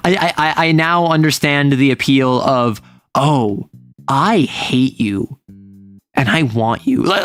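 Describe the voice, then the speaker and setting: A man chatting casually on a livestream, rambling and stammering through restarts, animated and quick to laugh. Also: fairly high pitch, no echo. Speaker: streamer.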